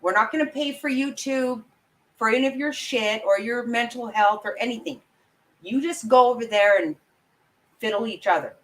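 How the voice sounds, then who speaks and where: A woman's voice: a little high, normal speed, fairly bright tone, rough recording. A woman giving angry, blunt, profane commentary as a vlogger, talking straight to her viewers. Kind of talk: opinionated live commentary.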